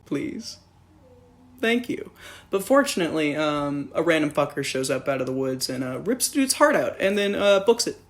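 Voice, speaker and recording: A man's voice: fairly high pitch, animated, fairly quick, hardly any pauses. A man casually reviewing a film in a rambling, profane, sarcastic way.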